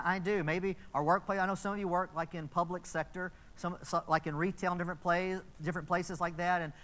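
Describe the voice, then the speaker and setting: Bright-voiced chatty man preaching. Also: on the high side. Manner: chatty storytelling with asides to the congregation. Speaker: pastor. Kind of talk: conversational sermon.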